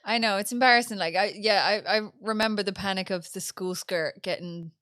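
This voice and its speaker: A woman's voice: medium pitch, a little fast, a bit bright, no echo. Chatty Irish woman, dry close sound. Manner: chatty, self-deprecating, laughs often. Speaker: podcast co-host. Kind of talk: casual chat.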